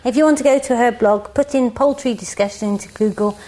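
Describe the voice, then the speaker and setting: Woman, podcast host, brisk, teasing, fairly high voice. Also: warm tone. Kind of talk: podcast chat and reading listener mail.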